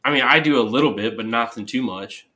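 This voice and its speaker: A man's voice: mid-range voice, fast talker, bright, forceful tone. A man co-hosting a casual wrestling recap podcast, sharing easygoing, plainspoken opinions. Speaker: podcast co-host.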